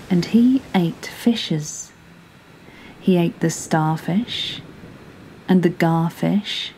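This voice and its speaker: A woman narrating a bedtime story in a soft, slow way, often dropping into a whisper. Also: on the low side, slight background noise, low-quality recording.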